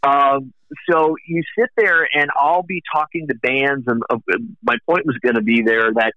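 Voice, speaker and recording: A man's voice: mid-range voice, fairly even intonation, moderate pace, dry recording. A middle-aged man in casual conversation about the music business, telling long rambling anecdotes. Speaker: music industry guest. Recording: dull dry lo-fi recording.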